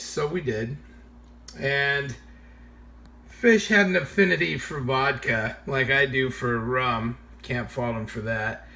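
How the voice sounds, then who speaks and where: Gravelly, animated male storyteller. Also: medium pitch, measured pace. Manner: animated, laughs while telling. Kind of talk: casual comedic storytelling.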